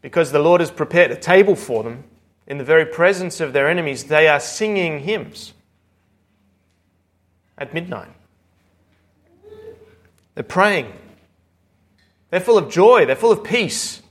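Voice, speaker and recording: Earnest, slightly high-voiced male preacher. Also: lively intonation, a little slow, pauses often. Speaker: pastor. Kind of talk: sermon.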